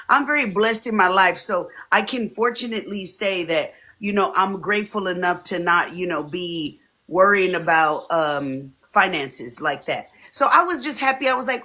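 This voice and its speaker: Her pitch is medium and her pace normal. She's in her forties, a casual interview guest at a home streaming setup, spinning animated anecdotes and often performing the voices of quoted friends.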